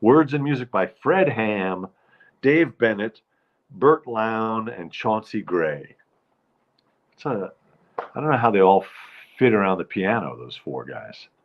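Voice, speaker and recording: A man's voice: fairly low pitch, expressive, takes it slowly, lo-fi sound. A man hosting his own live show, chatting casually and rambling as he greets viewers by name. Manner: rambling, chatty, self-interrupting. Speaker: host of a nightly live show.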